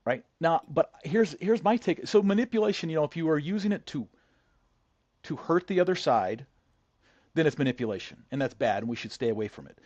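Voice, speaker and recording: A man's voice: fairly high pitch, animated, a little fast, a little mellow, no room sound, dull audio. A man as a podcast guest, a negotiator telling a story in a conversational way, often restarting and repeating words. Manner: frequent restarts and word repeats.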